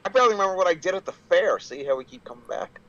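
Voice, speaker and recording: A man's voice: high-pitched, expressive, rapid-fire, sharp tone, dry recording, muffled recording. A man chatting casually on a podcast, swearing freely and laughing often. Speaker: wrestler guest.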